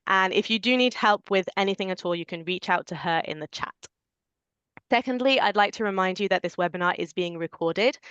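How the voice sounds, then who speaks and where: A woman hosts an online webinar in a smooth, fairly low voice. She walks through the housekeeping in clear, organized steps. The sound is dry and a little muffled, like a video call. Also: fairly bright tone, no room sound. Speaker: webinar host. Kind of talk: scripted webinar hosting.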